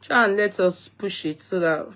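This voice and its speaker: A woman's voice: medium pitch, normal speed, fairly bright tone. A woman, hosting a casual live stream, talking to viewers while she is tired and yawning. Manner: chatty, addresses viewers directly.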